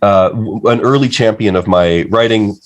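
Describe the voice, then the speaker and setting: A man telling a story as a podcast guest, halting, with many uh's and restarts. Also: lowish voice, dull audio. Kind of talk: casual podcast chat.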